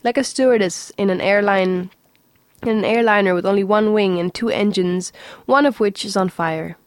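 Woman doing a calm, pleasant ship's voice. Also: mid-range voice, moderate pace, dry recording, studio quality, natural voice. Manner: pleasant, sensible, level announcements.

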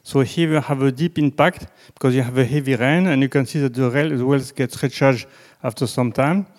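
A man with a French accent, a native French speaker, giving a slow, halting presentation with slides and frequent restarts. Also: medium pitch, a little mellow. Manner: halting, many restarts and fillers, deliberately slow. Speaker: presenter on groundwater.

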